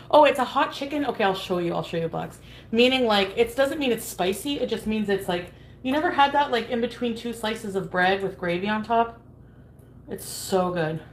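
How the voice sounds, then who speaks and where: A woman rambles on through a casual cooking live stream, with giggles slipping in between her remarks. Her voice sits a little high, and a faint hiss of noise runs underneath. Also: moderate pace, low-quality recording. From Canada.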